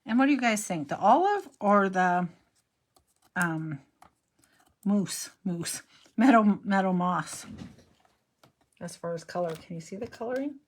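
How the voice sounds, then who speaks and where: A woman's voice: mid-range voice, lively intonation, unhurried, pauses often. A middle-aged woman hosting a crafting tutorial, chatting and rambling to herself as she works. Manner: chatty, rambling, talks to herself while working. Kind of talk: casual crafting demo chat.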